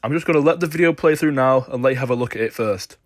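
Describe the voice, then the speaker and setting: A man's voice: mid-range voice, quick pace, heavy background noise. A man giving opinionated sports commentary, emphatic and insistent as he argues his case.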